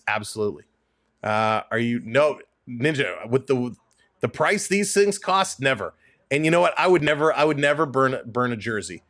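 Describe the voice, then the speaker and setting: A man's voice: medium pitch, fairly bright tone, no echo, clean studio sound. Chatty man hosting a hockey stream. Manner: chatty, emphatic, repeats himself. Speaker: livestream host. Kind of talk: casual hockey talk reading chat.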